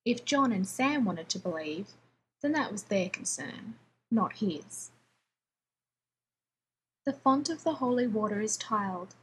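Woman story reader, calm measured narration, slight hiss behind. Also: medium pitch, rough recording.

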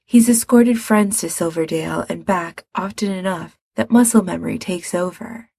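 A woman reading a story aloud, narrating the scene in an even storytelling manner. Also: fairly low pitch, normal speed, gravelly, breathy edge, no room sound.

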